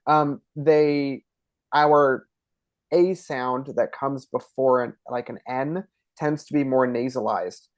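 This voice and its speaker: A man's voice: medium pitch, steady tone, slow pace, no echo. Chatty Ontario Canadian man, dry sound. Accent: Eastern Canadian (Ontario). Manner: chatty, explanatory, demonstrates pronunciations aloud. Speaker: podcast guest. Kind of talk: casual interview conversation.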